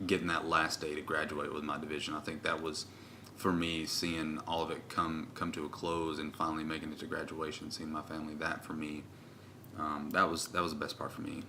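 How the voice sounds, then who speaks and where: A man in his twenties hosting a podcast, telling stories in a loud, rowdy, casual way. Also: very deep voice, slight background noise. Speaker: podcast host. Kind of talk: casual chat.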